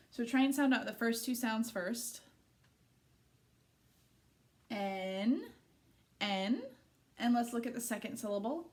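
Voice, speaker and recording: A young woman with a fairly high voice leads small children through a phonics lesson, patiently sounding out letters and syllables and praising every try.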